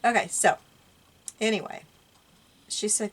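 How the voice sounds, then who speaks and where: Tired older Southern woman, slow and gravelly. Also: low voice, fairly bright tone. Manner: chatty, talks to herself, sighs and laughs often. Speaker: craft vlogger. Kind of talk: casual talk while crafting.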